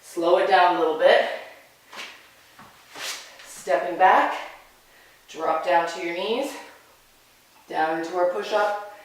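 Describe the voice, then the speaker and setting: A yoga instructor calls out slow, calm, encouraging cues for each pose. The voice sits in a very echoey room and is picked up from some distance away from the mic. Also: mid-range voice, slight background noise. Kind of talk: guided yoga class cues.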